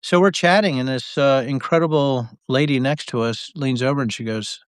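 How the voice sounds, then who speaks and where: A man, a former congressman, telling a story as a guest on a live video chat, lively and swinging his voice when he quotes people. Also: normal speed, clear, resonant tone, no room sound. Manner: animated storyteller, swings his pitch widely when quoting others. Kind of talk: casual storytelling.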